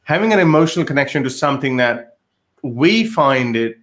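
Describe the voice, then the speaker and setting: A man's voice: mid-range voice, animated, a little fast, a bit bright. A man in a podcast discussion, arguing insistently with frequent restarts.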